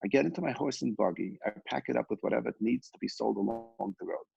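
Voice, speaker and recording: A man voicing a worn-out, gravelly poor peddler. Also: mid-range voice, fast, darkish tone, no echo, muffled recording, soft background music. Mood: weary. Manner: pleading, worn down.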